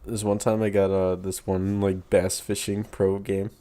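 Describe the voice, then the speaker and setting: A man's voice: deep voice, level tone, a little slow, mellow. A young man co-hosting a podcast, telling rambling stories in casual chat with lots of fillers and laughter. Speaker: podcast co-host.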